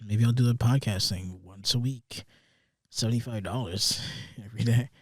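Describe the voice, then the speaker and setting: A man's voice: medium pitch, normal speed, dry recording. A young man hosting a solo podcast, rambling through casual commentary with lots of swearing and sarcastic asides, recorded in a studio. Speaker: podcast host.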